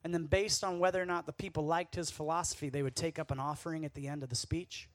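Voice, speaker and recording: Animated man preaching to a youth camp. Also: on the high side, fast, dry recording. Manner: energetic, jokey storytelling with asides to the audience. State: sweating, worked up. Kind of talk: casual youth sermon.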